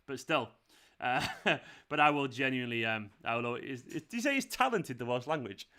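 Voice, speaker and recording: A man's voice: medium pitch, animated, fairly quick, sharp tone. A young man hosting a football watchalong stream, chatting casually, teasing and laughing often. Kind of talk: casual live-stream chat and commentary.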